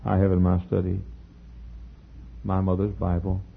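A man's voice: deep voice, completely flat delivery, moderate pace, vocal fry, slightly rough. An older man preaching a sermon in an earnest, folksy storytelling way. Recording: tinny phone-like sound.

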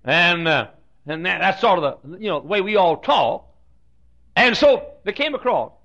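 A man with a Southern US accent preaching a humorous sermon, telling a story with joking asides and frequent throat clearing. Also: high voice, expressive, normal speed, bright, forceful tone. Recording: dull lo-fi sound.

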